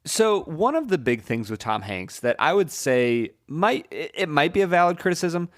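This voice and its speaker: A man's voice: a little high, very animated, moderate pace. A man co-hosting a film podcast, opinionated and joking, often restarting his sentences in casual chat. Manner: opinionated, jokey, repeats words when starting sentences. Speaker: podcast co-host.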